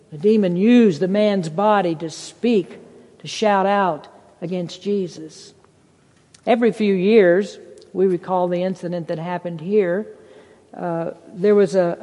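A preacher delivering a sermon, reading scripture in old-fashioned wording and rising in pitch to stress points, with the long reverb of a church sanctuary. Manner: reads scripture in King James wording, rises in pitch for emphasis. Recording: long reverb in a large hall.

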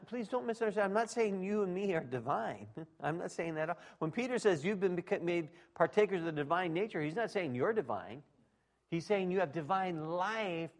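Middle-aged male pastor, high voice, emphatic sermon delivery with sudden loud peaks. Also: expressive, moderate pace. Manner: emphatic, swings from quiet asides to shouting.

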